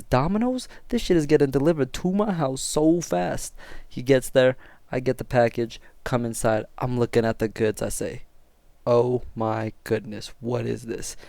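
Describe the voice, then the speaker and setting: A young man telling a story to his viewers in a casual, excitable, slangy way and swearing freely. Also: medium pitch, no room sound. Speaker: storytime vlogger.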